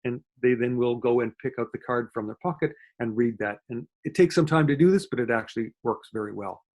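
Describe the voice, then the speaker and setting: A man lectures online at a quick clip in a voice of middling pitch. He explains points one by one, often stopping to correct himself or fill a pause. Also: a little mellow. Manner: fast-talking; explanatory, with frequent fillers and self-corrections. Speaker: guest lecturer on dementia communication.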